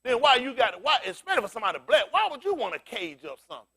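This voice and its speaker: Pastor guy preaching loose and loud, aave, high voice that jumps all over. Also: rapid-fire. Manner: loud, animated street preaching, laughing asides.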